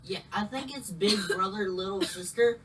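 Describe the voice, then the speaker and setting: A woman's voice: mid-range voice, normal speed, background noise. A woman in a casual movie chat, hesitant, trailing off as she searches for words.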